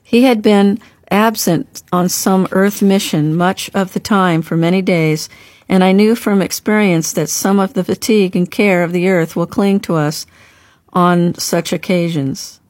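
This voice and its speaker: A woman reading a story aloud in a measured, earnest narration. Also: fairly low pitch, steady tone, darkish tone, no room sound. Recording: dry close recording.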